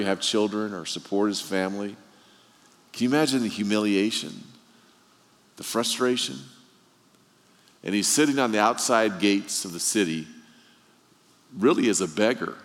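A man's voice: on the low side, a bit bright, big-room sound. A man preaching a sermon, asking the listeners question after question and telling the story with rising emphasis. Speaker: pastor.

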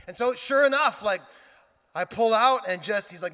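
A male pastor preaching a sermon, telling a lively story with quoted dialogue and joking asides. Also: very high-pitched, moderate pace. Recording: reverberant hall.

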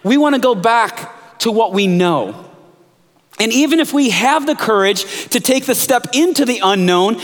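A male pastor delivering a sermon in an animated storytelling manner. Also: extremely high pitch, normal speed. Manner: animated storytelling, jumps into character voices. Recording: echoey hall.

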